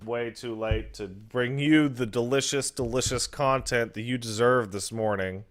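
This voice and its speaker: A man's voice: medium pitch, measured pace. A young man hosting a casual podcast, tired and sleep-deprived, talking in a crude, joking, rambling way. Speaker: podcast host. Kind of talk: casual banter.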